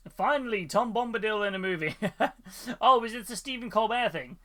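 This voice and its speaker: Man, high bright voice, casual live-stream chat, lots of ums, laughs a lot. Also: lively intonation, brisk. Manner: chatty, many fillers, laughs often. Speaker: hobby stream host.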